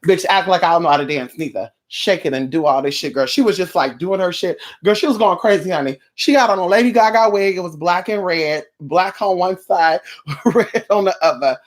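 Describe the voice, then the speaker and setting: A sassy streamer chats loosely with the live audience, stretching out endearments like honey and girl and swearing freely. The voice sits at an ordinary middle pitch, and the talk drifts from topic to topic. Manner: sassy, campy, drawn-out endearments, frequent profanity; chatty, rambling from topic to topic. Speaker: live streamer greeting chat viewers. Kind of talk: casual live-stream chat.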